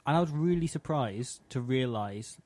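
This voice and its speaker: A man's voice: medium pitch, animated, normal speed, darkish tone. A man co-hosting a podcast, adding dry one-liner jokes. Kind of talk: casual comedic chat.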